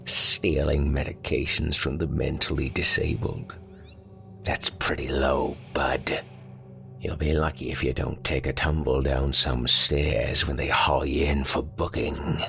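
A hissing, papery-voiced old man , voiced by a male storyteller, who menaces with slow, sneering threats and sometimes drops to a whisper. The voice sits very low and gravelly, with faint music behind it. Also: expressive, sharp tone, exaggerated voice.

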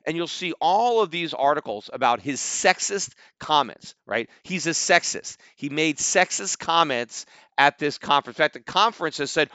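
A man hosting his own show, giving opinionated commentary in an animated, mocking way that climbs toward near-shouts. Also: high voice, moderate pace, no echo. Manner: animated, mocking, rising to near-shouts when quoting critics. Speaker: podcast host.

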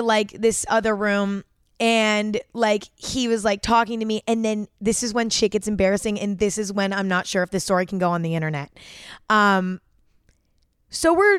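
A young woman hosts a podcast, rambling through a personal story with plenty of fillers and casual swearing. Her voice is smooth and clear at a middle pitch. It is recorded close and dry on a studio mic. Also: fairly bright tone, no echo. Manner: chatty, filler-heavy, swears often. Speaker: podcast host.

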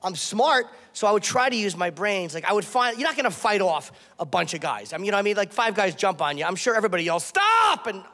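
High-voiced male comic in an echoey club. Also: animated, fast, hardly any pauses, fairly bright tone. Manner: crude, self-mocking, acts out voices in bits. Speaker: stand-up comedian. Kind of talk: stand-up comedy set. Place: comedy club stage before a laughing audience. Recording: echoey live room with audience noise.

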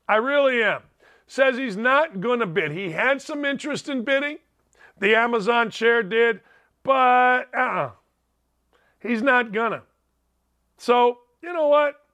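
A man's voice: high-pitched, bright, forceful tone. A man hosting a podcast, giving a combative, sarcastic opinion monologue. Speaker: host.

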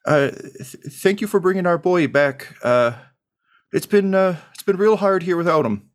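A man putting on a shrill, tearful farm mom. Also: big pitch swings, moderate pace. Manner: quavering, fussing, scolding. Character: tearful doting farm mother, woman, middle-aged.

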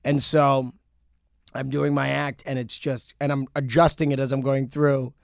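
A man's voice: medium pitch, level tone, moderate pace, creaky, dry recording, clean studio sound. A man in his twenties, a comedian guest, telling rambling stories in a casual podcast chat and laughing often. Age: 20s. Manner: rambling anecdotal storytelling with frequent laughs.

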